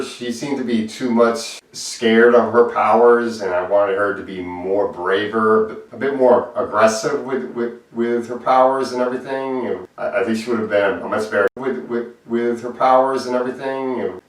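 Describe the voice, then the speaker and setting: A man giving a casual, rambling movie review, often repeating words as he thinks out loud. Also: lowish voice. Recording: echoey room, mic at a distance.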